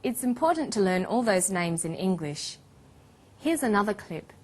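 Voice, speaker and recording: A woman narrating an English language lesson in a clear, scripted teaching manner. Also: medium pitch, big pitch swings, a little mellow. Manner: slow, clear teaching delivery.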